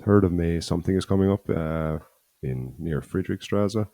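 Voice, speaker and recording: A man's voice: sits low, moderate pace, warm tone, no room sound, clean studio sound. A man co-hosting a podcast in casual chat, easygoing and laughing, teasing his co-host. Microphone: handheld mic.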